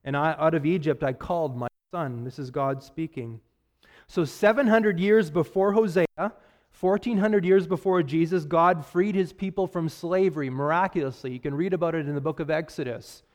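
A man preaching a sermon, earnest, with rising emphasis and soft drops. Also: fairly high pitch, moderate pace, long reverb tail. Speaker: pastor.

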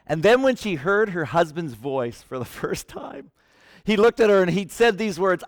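A man preaching a sermon with passion, swinging from hushed lines to shouting. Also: sits high, lively intonation, moderate pace, dry recording, studio quality.

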